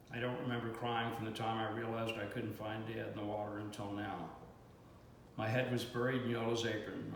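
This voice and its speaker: A man in his seventies reading his own memoir aloud in a steady, plainspoken way. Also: on the low side. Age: 70s. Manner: steady, plainspoken storytelling with mild cursing. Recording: echoey room, faint hiss.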